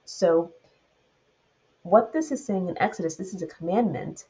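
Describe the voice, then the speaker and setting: A woman's voice: lowish voice, moderate pace, dark tone, highs cut off. A woman with a Southern US accent teaching a Bible study, retelling the verses and then adding loose commentary of her own.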